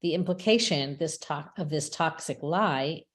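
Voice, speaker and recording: A woman giving a measured, reflective prepared talk as a webinar speaker, with small restarts now and then. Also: low voice. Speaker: rabbi and chaplain speaker. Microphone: webinar microphone.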